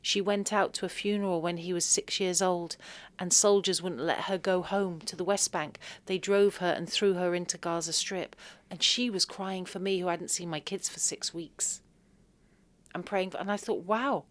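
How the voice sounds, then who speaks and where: A woman speaking as a podcast guest, her voice sitting a little low. She tells a personal story earnestly and with deep feeling, sprinkling in devout phrases. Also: steady tone, moderate pace.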